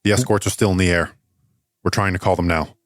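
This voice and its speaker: A man's voice: low voice, fairly even intonation, no echo, studio quality, natural voice. A man voicing a harried male rebel transport worker, talking in a hurry. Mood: flustered. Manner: hurried, flustered explaining.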